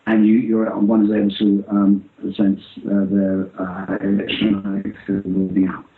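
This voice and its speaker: A middle-aged man talking about meditation in an interview, halting with many fillers and restarts. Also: on the low side, completely flat delivery. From England. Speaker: interview guest. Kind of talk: spiritual interview talk. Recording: roomy, muffled lo-fi audio.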